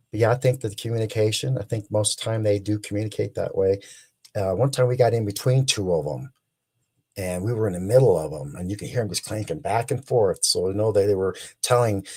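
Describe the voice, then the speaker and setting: A man in his sixties, a guest animatedly telling a long story, excited and rambling with restarts. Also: lowish voice, brisk, husky. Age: 60s.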